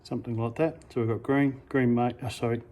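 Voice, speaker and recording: An Australian man casually talking through a hands-on how-to demonstration, relaxed and unhurried, stopping now and then to correct himself. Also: mid-range voice. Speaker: amateur radio hobbyist.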